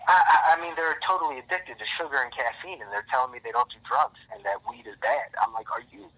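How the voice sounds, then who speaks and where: A man's voice: mid-range voice, lively intonation, quick pace, pushed and bright, a little hiss or hum, rough recording. A man on a casual podcast who rambles intensely and restarts his words often. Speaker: podcast guest.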